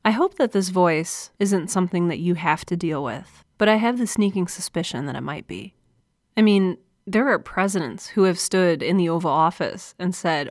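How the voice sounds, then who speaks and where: A woman's voice: lowish voice, unhurried, no room sound. A woman hosting her own solo podcast, speaking earnestly and confessionally into a close microphone, with an encouraging manner. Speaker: podcast host. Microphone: close studio mic.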